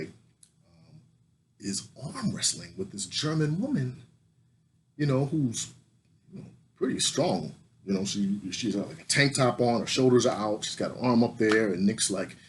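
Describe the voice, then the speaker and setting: An American man telling a story in a casual, comic way, swearing a lot and rising to loud indignation. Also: fairly low pitch, slight background noise. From United States.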